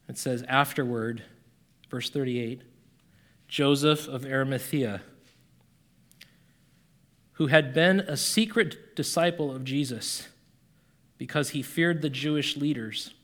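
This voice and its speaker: A man preaching a sermon in a conversational, animated way, rising and falling in volume as he reads scripture. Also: mid-range voice. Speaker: pastor.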